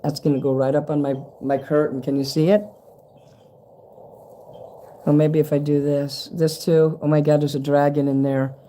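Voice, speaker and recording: A man's voice: on the high side, level tone, normal speed, long pauses, mellow, a little hiss or hum. Rambling, cursing man unboxing gifts. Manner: rambling, curse-laced, easily delighted. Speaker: vlogger opening a fan's package. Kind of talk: casual unboxing chat to camera. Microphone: handheld camera.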